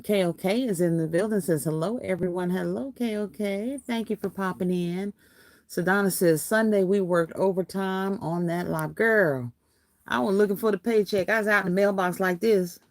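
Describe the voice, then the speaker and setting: A woman's voice: fairly low pitch, darkish tone, no echo. A woman hosting a casual crafting livestream. She reads viewer comments aloud and greets viewers by name in a chatty, folksy way, laughing often.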